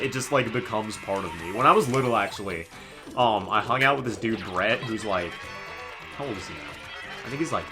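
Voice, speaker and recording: A young man giving jokey, rambling live commentary as he plays a video game. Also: mid-range voice. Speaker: gaming streamer. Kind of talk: live let's play commentary.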